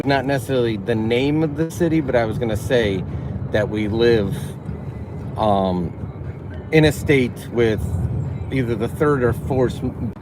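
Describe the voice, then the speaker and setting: A man hosting a casual livestream from his car, chatting and answering viewers' chat as he drives. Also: medium pitch. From northern Illinois. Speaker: livestream host. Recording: car road noise behind.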